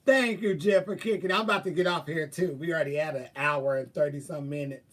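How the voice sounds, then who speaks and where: Fairly quick and on the high side, the voice of this livestream host comes from a distant mic. He chats with his audience, spinning sassy, foul-mouthed stories between bursts of laughter and handing out frank advice.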